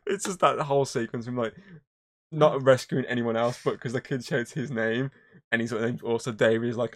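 A man's voice: mid-range voice, steady tone, normal speed. A man co-hosting a podcast, chatting casually, rambling and swearing as he retells movie scenes. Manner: rambling, swears a lot, acts out scenes in voices. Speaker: podcast co-host. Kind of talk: casual chat.

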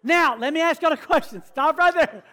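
A man's voice: very high-pitched, moderate pace, pushed and bright. A man, a youth pastor preaching, telling stories, acting out characters and calling for responses from the group. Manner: storytelling, acts out characters, calls for responses. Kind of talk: sermon.

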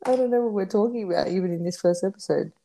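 A woman's voice: mid-range voice, racing, creaky, a loud crowd. An Australian woman co-hosting a casual podcast, chatty and giggly, swearing now and then. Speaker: podcast co-host. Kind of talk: casual chat.

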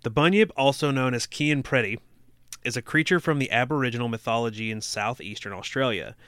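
A man's voice: mid-range voice, a little fast, a bit bright, clear, resonant tone, no echo. A young man co-hosting a podcast, reading aloud and chatting casually, cracking dry jokes and swearing. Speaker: podcast co-host.

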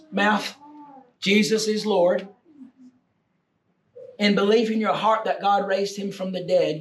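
A man preaching a sermon with passion, swinging from shouts down to near-whispers. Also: sits high. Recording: echoey room, distant mic, faint noise.

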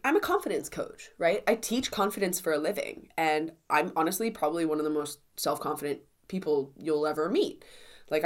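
A young adult woman hosting a casual solo podcast as a confidence coach, chatty and encouraging, with lots of "like" fillers. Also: lowish voice.

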